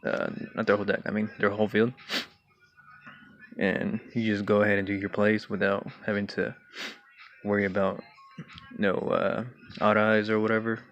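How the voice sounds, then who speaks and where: A young man casually walking through his card game deck, talking in a relaxed way with many fillers and throat clears. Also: on the low side, normal speed. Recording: dull lo-fi home recording with faint hiss.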